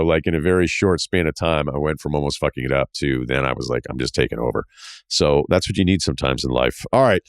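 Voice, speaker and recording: Podcast host, very deep voice, loose and profane storyteller who acts out dialogue, recorded dry. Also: male voice, dry recording. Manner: profane, self-mocking, acts out quoted dialogue. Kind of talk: casual travel storytelling monologue.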